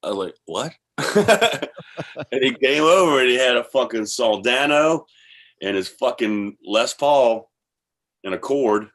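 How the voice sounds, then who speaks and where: A man telling a casual, animated story, heavy on swearing and bursts of laughter. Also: medium pitch, unhurried. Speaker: guest musician.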